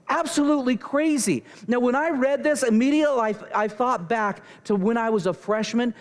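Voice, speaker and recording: A young adult man preaching a sermon, telling a story with lively energy and acting out the dialogue of the people in it. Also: high-pitched. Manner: animated, acts out characters and dialogue. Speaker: pastor.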